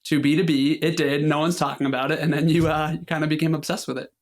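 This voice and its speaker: A man's voice: on the high side, flat delivery, quick pace. A man hosting a podcast interview, asking long, rambling questions full of fillers. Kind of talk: casual interview.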